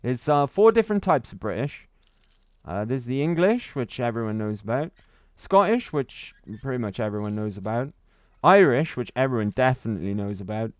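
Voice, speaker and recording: A man's voice: medium pitch, sing-song, moderate pace, no echo. A man from Wales, chatting and laughing through a gaming livestream while reading his chat. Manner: chatty, laughs often, reads chat aloud. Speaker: streamer.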